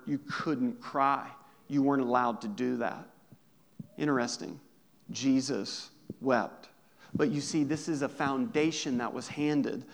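A male pastor preaching a sermon in a conversational way, with lively asides to the congregation. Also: a little high.

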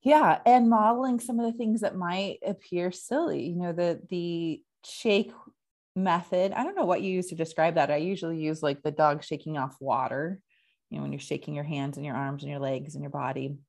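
A woman and parent talking casually about calming techniques, chatty and laughing often. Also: deep voice, normal speed. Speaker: parent and therapist. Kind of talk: casual conversation.

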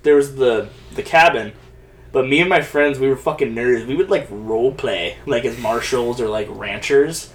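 A young man chatting casually on a podcast, telling animated stories, swearing and laughing often. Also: medium pitch, moderate pace, recorded from a distance. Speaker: podcast co-host. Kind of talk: casual chat.

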